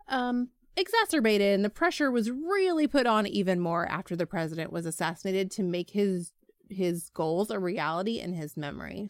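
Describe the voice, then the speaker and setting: A woman's voice: medium pitch, no echo, clean studio sound. A woman hosting a history podcast, telling the story in a casual, chatty way with filler words. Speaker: podcast host.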